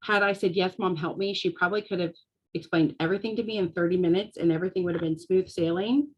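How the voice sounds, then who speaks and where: A woman, talking casually to a live audience as a business coach and telling lively stories with frequent laughter. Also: lowish voice, fast talker, dull audio, slight background noise. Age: 40s. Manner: storytelling, animated, laughs often.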